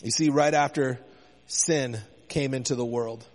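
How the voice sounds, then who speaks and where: A man's voice: medium pitch, fairly even intonation, a little slow, darkish tone, big-room sound. A man preaching a sermon, impassioned, his intensity rising and falling as he speaks.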